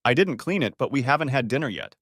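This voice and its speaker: A man's voice: medium pitch, animated, quick pace, fairly bright tone, husky, no room sound, clean studio sound, voice pushed up. A man doing a stern, disapproving mother. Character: stern middle-aged mother.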